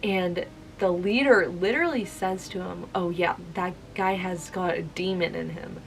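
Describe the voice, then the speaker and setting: A woman's voice: lowish voice, a little slow, gravelly, slight background noise, low-quality recording. A young woman telling a spooky personal story to camera in a chatty, casual way, full of "like.". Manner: chatty, filler-heavy telling with many "like"s. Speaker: vlogger.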